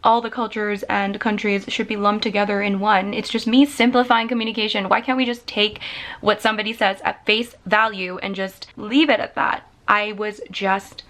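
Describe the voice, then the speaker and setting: A woman's voice: medium pitch, flat delivery, normal speed, a bit bright. A young woman from Canada ranting to camera in a vlog, exasperated and emphatic, firing rhetorical questions. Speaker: YouTuber.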